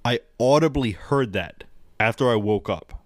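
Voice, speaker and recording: A man in casual podcast chat, rambling and swearing as he tells an animated story about dreams. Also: medium pitch, moderate pace, no echo, clean studio sound. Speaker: podcast co-host.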